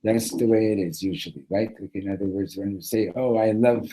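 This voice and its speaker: A man gives a Torah class in a low, husky voice. He speaks haltingly, repeating little words and mixing in Hebrew phrases. He checks in with his listeners with a constant "right?". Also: warm tone, rough recording. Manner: mixes Hebrew phrases into English. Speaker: yeshiva teacher.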